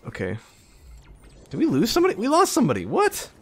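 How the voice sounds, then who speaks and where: A young man streaming a shooter game, grumbling sarcastically at teammates and bursting into frustrated shouts. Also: very high-pitched, huge pitch swings, quick pace, breathy edge. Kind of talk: live gameplay commentary.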